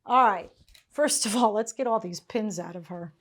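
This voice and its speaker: Here a tailoring teacher, a middle-aged woman, talks at a moderate pace with a mid-range voice. It's a casual lesson in her workshop, sprinkled with anecdotes, plenty of laughs, and repeated "okay?" and "all right?" checks.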